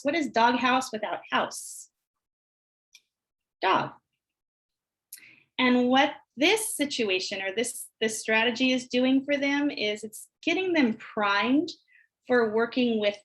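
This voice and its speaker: A woman presenting a teacher training session, calmly explaining early literacy activities and modeling phrases slowly as if for young children. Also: a little high, rough recording. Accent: American. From United States. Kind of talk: instructional webinar walkthrough.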